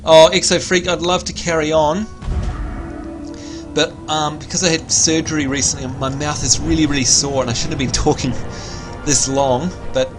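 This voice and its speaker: A man livestreaming a video game, chatting casually, reading out viewer messages and giving shout-outs, with excitable bursts while he plays. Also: on the high side, normal speed, over music.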